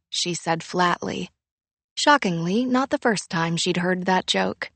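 Slow, dry audiobook narrator, a woman. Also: medium pitch, steady tone, creaky, a bit bright, dry recording. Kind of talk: scripted narration.

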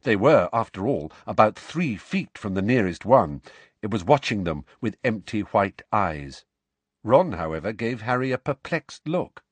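A man reading a storybook aloud as narrator, measured and expressive. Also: lowish voice, breathy edge, no room sound. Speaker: audiobook narrator.

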